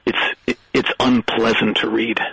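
A man doing a boy putting on a pompous deep old actor. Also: level tone, normal speed, vocal fry, fairly bright tone, breathy edge, no room sound, heavily acted, poor audio.

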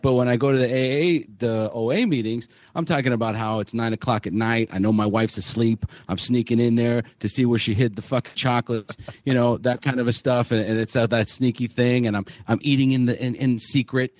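A man's voice: medium pitch, steady tone, brisk, a little mellow, no echo. A man hosting a podcast on a remote call, joking, swearing and poking fun at himself. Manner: joking, profane, self-deprecating. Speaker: podcast host. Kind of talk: casual podcast chat.

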